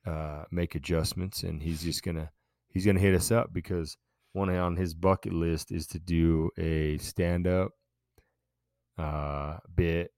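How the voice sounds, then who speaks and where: A man co-hosting a podcast in loose, halting casual chat with many restarts. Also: low voice, steady tone, a little mellow, no echo, clean studio sound. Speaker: podcast co-host.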